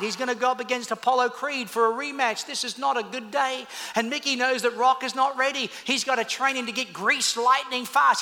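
Male preacher, very bright and ringing, dramatic storyteller, in a big echoey room. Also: extremely high pitch. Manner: storytelling, swings from loud to quiet. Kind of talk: sermon. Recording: echoey hall.

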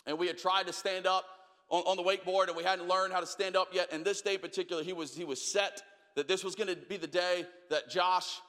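Bright-voiced man preaching in a reverberant hall. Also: sits high, fairly quick. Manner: animated storyteller, acts out voices, drops to quiet questions. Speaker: pastor. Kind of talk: sermon with storytelling. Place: large church hall.

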